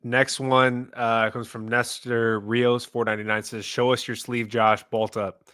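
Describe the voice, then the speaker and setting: A young man co-hosting a podcast, chatting casually and a little self-consciously. His volume jumps between loud bursts and mumbles. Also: medium pitch, flat delivery, unhurried, clean tone, no echo, clean studio sound. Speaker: podcast co-host. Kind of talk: casual chat.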